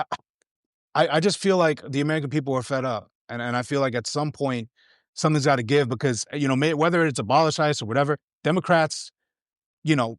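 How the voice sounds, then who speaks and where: A man with a fairly high voice is talking as a guest in a casual political chat. He is heated and slangy, and he keeps restarting his sentences. The sound is dry and close, with no room at all. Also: dry recording.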